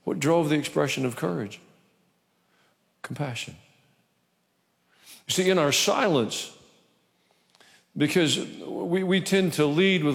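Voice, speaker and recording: Gravelly-voiced male pastor preaching in church. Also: a little high, takes it slowly, pauses often. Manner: conversational preaching with humorous asides. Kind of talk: sermon. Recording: reverberant church hall.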